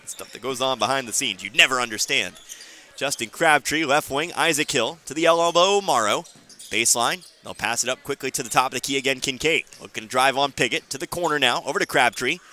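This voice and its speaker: Bright-voiced radio basketball announcer. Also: male voice, mid-range voice. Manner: quick play-calling with dry asides. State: hiccuping. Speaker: play-by-play announcer.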